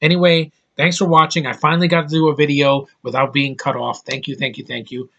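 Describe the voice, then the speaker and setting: A man's voice: a little high, flat delivery, a little fast, a bit bright, dull audio. A man reviewing a movie in a casual vlog, rambling and opinionated with emphatic bursts.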